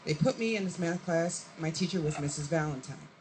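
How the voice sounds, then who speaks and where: A woman comedian telling a profane stand-up story with lively acted-out quotes. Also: deep voice, a little fast, a little hiss or hum, low-quality recording. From Chicago area, USA. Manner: profane, animated, acts out quotes.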